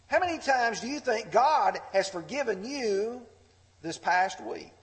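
A male pastor preaching a sermon, swelling loud and impassioned as he reads scripture aloud. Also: sits high, expressive, measured pace. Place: church sanctuary. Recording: long reverb of a large hall.

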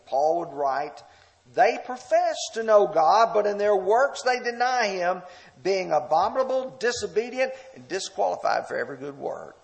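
A male pastor preaching a sermon, reading scripture loudly and dropping to hushed, slow asides. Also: on the high side, in a large hall. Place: church sanctuary.

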